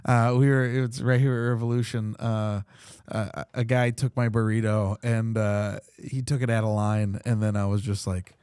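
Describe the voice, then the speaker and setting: A man's voice: on the low side, little pitch movement, normal speed, darkish tone, smooth, no room sound, studio quality. Rambling male podcast host. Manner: rambling anecdotes full of fillers. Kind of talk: casual chat.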